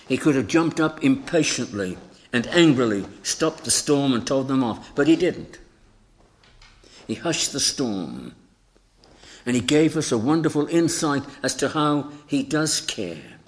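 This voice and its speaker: A man delivers a sermon at an unhurried, deliberate pace. He preaches emphatically and acts out scenes with quoted voices. His voice sits at a middling pitch.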